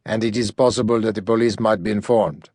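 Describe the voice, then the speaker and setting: A man's voice: fairly low pitch, fairly even intonation, brisk, a little mellow, no room sound, studio quality. A man reading the part of a brash, crude male hustler who is blackmailing the detective. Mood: smug.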